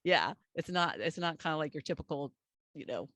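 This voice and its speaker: A middle-aged woman hosting a podcast, chatting casually with a guest and reading a scripted sign-off, her sentences often trailing off softly. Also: sits low, animated, fairly quick, no echo. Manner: chatty, warm thanks, soft trailing endings. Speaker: podcast host. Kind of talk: casual interview chat and scripted outro.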